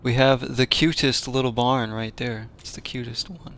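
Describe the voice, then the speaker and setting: A man's voice: mid-range voice, fairly even intonation, moderate pace, a bit bright. A man hosting a casual let's-play, chatting and joking with viewers and laughing often as he plays. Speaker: gaming channel host.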